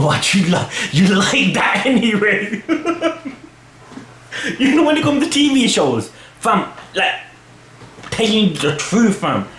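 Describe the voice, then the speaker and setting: A young man, rambling casually in slang as he answers fan questions for his channel. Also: on the high side. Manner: slangy, rambling, full of "fam" and "you know what I mean". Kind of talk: casual chat. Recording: echoey room with faint hum.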